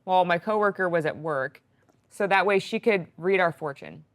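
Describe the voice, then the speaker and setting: A woman's voice: fairly low pitch, normal speed. A woman telling a story on a podcast in casual chat, rambling with many fillers and acting out quoted lines. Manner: rambling, full of "like" fillers, quoting herself.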